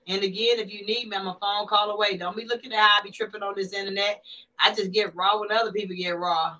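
A woman hosting a casual livestream, chatting back to viewers' comments in an animated way. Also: mid-range voice, fast, poor audio. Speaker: livestream host.

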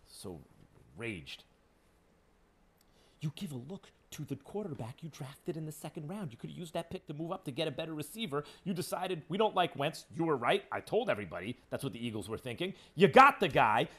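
A man's voice: on the high side, sharp tone, breathy edge. A man hosting sports talk radio, ranting with sarcasm and heat. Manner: emphatic, sarcastic, heated.

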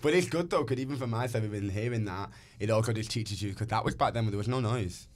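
A man's voice: fairly low pitch, fast talker. A man, a dancer and choreographer, chatting as a podcast guest and acting out bits of dialogue. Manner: animated storyteller, acts out dialogue. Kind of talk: casual podcast conversation.

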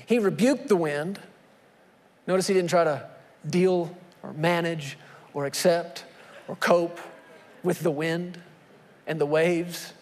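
A man's voice: on the high side, slow, pauses often, a little hiss or hum. A man preaching a sermon from the pulpit, emphatic, posing rhetorical questions to the congregation. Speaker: pastor. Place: church sanctuary. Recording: long reverb of a church hall.

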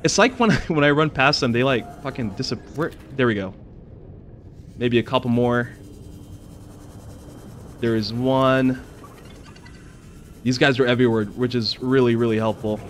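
A man's voice: mid-range voice, moderate pace, long pauses, slight background noise. A man casually commenting on his own video game as he plays, easily startled and prone to swearing. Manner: excitable, swears and yells when scared. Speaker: gaming channel host. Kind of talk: casual let's-play commentary.

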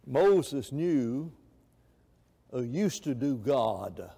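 A man's voice: mid-range voice, very animated, very slow, gravelly, mellow, slightly rough. A man preaching a sermon in an impassioned way, often repeating words and restarting phrases. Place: church sanctuary. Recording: echoey church hall.

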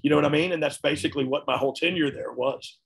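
A man's voice: fairly high pitch, very fast, gravelly. A man, talking candidly and earnestly as an interview guest. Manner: earnest, folksy, frequent "you know what I mean". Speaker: guest, retired wrestler.

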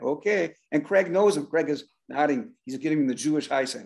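An older man tells a story with gusto, acting out the people in it. His voice sits a little high for a man, and he keeps up an animated, talkative delivery. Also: moderate pace, creaky, few pauses. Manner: animated, acts out voices and shouts in his stories. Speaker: guest drummer.

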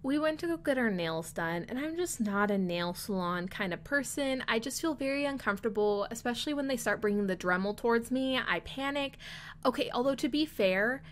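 A woman's voice: on the high side, lively intonation, a little fast. A young woman telling a rambling story in a casual voice-over, chatty and often laughing between lines. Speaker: video creator.

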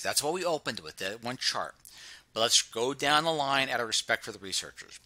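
A man with a very bright, forceful voice reads a research paper aloud for his channel, breaking off to add his own comments. He repeats and restarts words often, and slows right down to drive key phrases home. The sound is dry and close, with no room in it. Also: medium pitch, animated, dry recording. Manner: reads passages aloud with frequent stumbles and asides. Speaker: channel host reviewing research. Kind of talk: reading aloud and commenting on a study.

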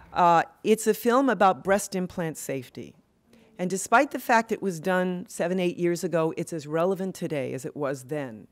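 A woman's voice: low voice, a little mellow. An older woman speaking earnestly and with passion at an award event, with frequent fillers and restarts. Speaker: award speaker, women's health advocate.

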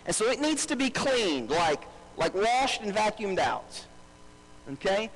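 A man with a strikingly high voice preaches a live sermon in a church. He repeats his key phrases for emphasis and draws answers from the congregation. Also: big pitch swings, a little slow, a bit bright, slight background noise, poor audio. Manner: calls out to the congregation and asks for responses. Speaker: pastor. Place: church service before a congregation.

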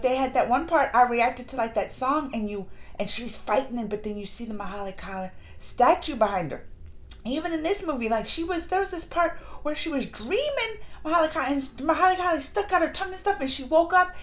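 A woman reviewing a movie in a casual vlog, gushing and excitable, with lots of fillers and restarts. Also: a little high. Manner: acts out lines in quick put-on voices. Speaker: movie reaction vlogger. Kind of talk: casual chat.

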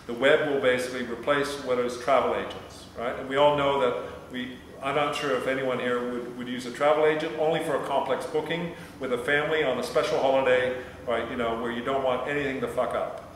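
Male presenter, mid-pitch, hesitant Q&A delivery; reverberant hall, faint hiss. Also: level tone, fairly quick, hardly any pauses, a bit bright, far from the mic. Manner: hesitant, many restarts and fillers. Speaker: presenter answering audience questions. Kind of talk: talk Q&A at a meetup. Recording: echoey hall with faint noise.

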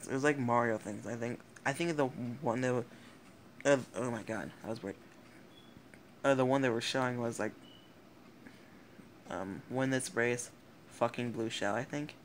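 Teen vlogger, male, gravelly fry, rambly and giggly, swears a lot, mid-pitched. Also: slight background noise. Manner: giggly, rambling, swears often, self-interrupting. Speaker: YouTuber. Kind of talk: casual rambling vlog commentary.

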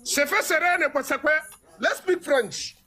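A man's voice: very high voice, normal speed, pushed and bright. A man teasing the host on a live stream, repeating lines and putting on fake French.

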